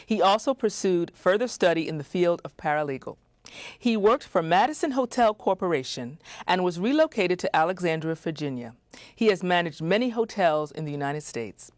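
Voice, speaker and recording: Woman, TV host, lower voice, lively swings in pitch, dry studio sound, excited asides. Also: no room sound. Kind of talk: reading a scripted introduction on a community TV show.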